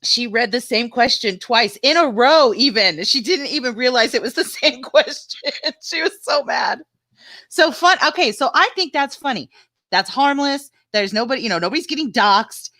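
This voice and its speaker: Brief: woman, stream co-host, punchy bright tone, laughs through her stories, curses loosely, dry close sound. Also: on the high side, lively intonation, moderate pace, no room sound. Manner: laughs often while telling stories, swears freely. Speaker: panel co-host. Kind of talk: casual live-stream chat.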